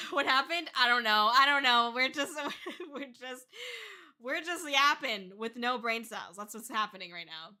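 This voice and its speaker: A woman's voice: on the high side, expressive, unhurried, bright, forceful tone. A young woman chatting on a livestream as a VTuber, laughing often and swearing casually. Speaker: VTuber streamer.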